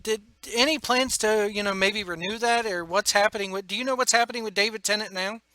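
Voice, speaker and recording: High, bright-voiced man, dry and close. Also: a little fast, dry recording, poor audio. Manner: easygoing, asks questions, short reactions. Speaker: co-host. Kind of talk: casual chat.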